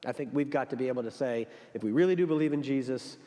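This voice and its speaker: A man's voice: mid-range voice, fast. A man, a pastor, talking earnestly and reflectively in a church discussion after a sermon. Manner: earnest, reflective, tells jokes with animated voices. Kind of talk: church talk-back discussion. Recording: long hall reverb.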